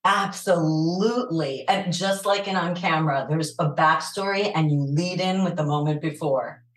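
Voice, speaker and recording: A woman from New York City speaks with a low, raspy voice and a New York accent. She chats with animated energy and frequent laughter, her voice sitting on the deep side. The room around her is noticeably echoey. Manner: animated, laughs often, quick asides. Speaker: voiceover actor, guest. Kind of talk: casual interview chat.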